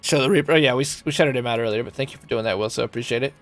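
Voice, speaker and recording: A man's voice: mid-range voice, racing, soft background music. A man streaming a game live, chatting loosely with viewers, joking and swearing freely, thanking them by name. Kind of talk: casual live-stream chat.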